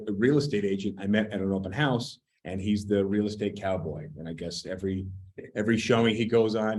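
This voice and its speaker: A man's voice: fairly low pitch, darkish tone, rough recording. A man giving a casual real estate training talk, blunt and sometimes swearing as he picks apart advice. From United States.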